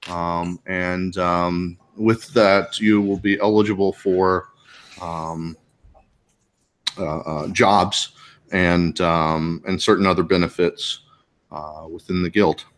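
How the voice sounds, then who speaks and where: A man voicing a middle-aged to elderly male guildmaster who speaks politely and hesitantly, with many pauses. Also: low voice, fairly even intonation, fairly bright tone. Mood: businesslike.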